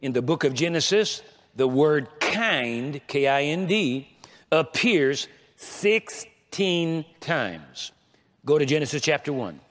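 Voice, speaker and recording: This man's voice is a little high and a bit bright, very animated yet slow, as he preaches to his congregation and leads call-and-response. Making his points, he repeats himself and stumbles into stammering restarts, all echoing in a big church hall's long reverb.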